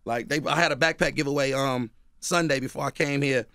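Guesting on a casual radio interview in the studio, an author and rapper from Oakland rambles through stories full of "you know what I mean." He sounds brisk, smooth and fairly bright at a medium pitch, in studio-quality audio without echo.

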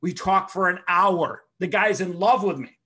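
High, bright-voiced man telling a wild story. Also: moderate pace, husky. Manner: excitable, swears often, acts out other people's lines with shouting and laughter. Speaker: podcast host telling a story. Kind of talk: animated casual storytelling.

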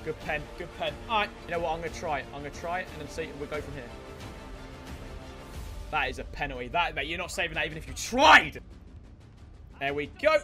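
A man giving excitable live commentary on his own gameplay, shouting and groaning at each play and talking to his viewers. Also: fairly high pitch, fast talker, music in the background. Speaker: gaming YouTuber.

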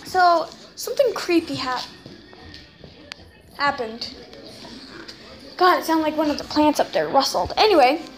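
A woman's voice: sits high, lively intonation, unhurried, long pauses, music in the background, low-quality recording. A sixth-grade girl chatting casually in a home vlog, rambling and filling gaps with "anyway". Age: child, sixth grader. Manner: rambling, keeps saying anyway. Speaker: vlogger.

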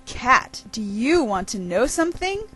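A woman voicing a hungry, boastful male dog in a picture-book story, shouting his threats. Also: fairly high pitch, sing-song, unhurried, husky, heavily acted.

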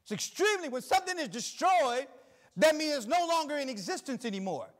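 Male pastor, middle-aged, very high voice, preaches with emphatic repetition. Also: big pitch swings. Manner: preaching with rising emphatic repetition, reading scripture slowly. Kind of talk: sermon.

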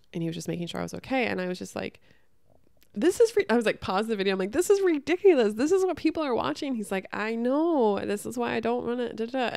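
Gravelly, low-voiced woman podcast host. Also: no room sound, clean studio sound. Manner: blunt, swears freely, heavy use of "like"; animated storytelling, acts out her own reactions. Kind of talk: candid casual chat.

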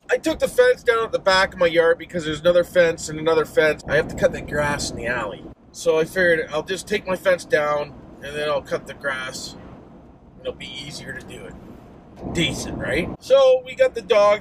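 Profane Canadian man ranting in a car. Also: on the high side. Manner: profane, mock-worked-up, folksy. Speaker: vlogger. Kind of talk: casual driving vlog rant. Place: inside a moving car. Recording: noisy car interior.

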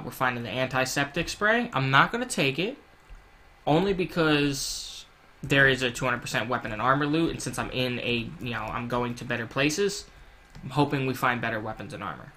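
A young man giving casual, rambling gameplay commentary at home, swearing freely and yelling in panic when things go wrong. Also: mid-range voice. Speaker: gaming YouTuber.

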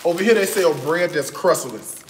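A man's voice: on the high side, animated, normal speed, reverberant, a little hiss or hum. A man from Chicago, chatting playfully to viewers as he cooks in his kitchen. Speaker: home cooking vlogger. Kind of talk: casual cooking vlog chat.

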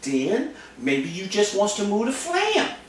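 A man's voice: high voice, wildly swooping pitch, takes it slowly, very noisy. A man giving a goofy, casual drum lesson, joking and repeating himself in mock-boastful bursts. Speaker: drum teacher. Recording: very echoey room, camera mic from a distance.

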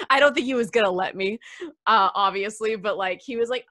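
Young woman, interview guest, bright and punchy, animated storyteller on a video call. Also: medium pitch, measured pace, pauses often. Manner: animated, lively storyteller with laughs and voiced quotes. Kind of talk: casual storytelling.

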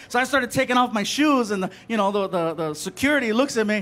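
A man doing an animated stand-up set, telling stories and acting out the people in them. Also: very high-pitched, quick pace, few pauses. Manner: animated, acts out characters in quotes. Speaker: stand-up comedian. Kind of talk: stand-up storytelling. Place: comedy stage before a live audience.

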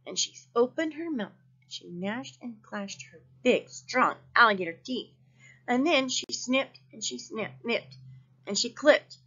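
A woman reads a picture book aloud to children with a high, bright voice that swoops and dances through the story. She pauses to ask her young listeners questions. The recording sounds muffled and lo-fi. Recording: dull lo-fi recording.

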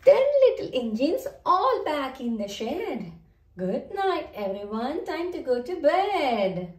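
Woman storybook reader, high sing-song voice, unhurried. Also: sing-song. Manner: slow, sing-song, addressing children. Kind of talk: children's read-aloud narration.

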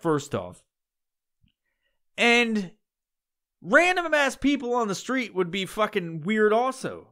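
A man's voice: high voice, very animated, slow, pauses often, bright, forceful tone. A man hosting a solo podcast, rambling in casual talk with heavy swearing and frequent laughs. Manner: rambling and heavily profane, laughs often. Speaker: podcast host.

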